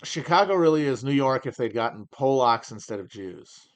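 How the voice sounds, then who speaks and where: A man's voice: mid-range voice, lively intonation, moderate pace. A man hosting a livestream Q&A from his home region in the upper Midwest, talking in a rambling, wry, opinionated way with many restarts. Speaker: podcast host. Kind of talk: livestream Q&A chat.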